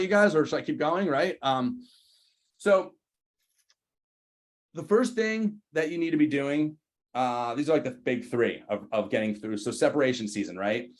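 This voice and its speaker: A man, in his thirties, giving a motivational sales training talk to his team, energetic and slangy, often asking the room questions. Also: mid-range voice, normal speed. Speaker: real estate team leader.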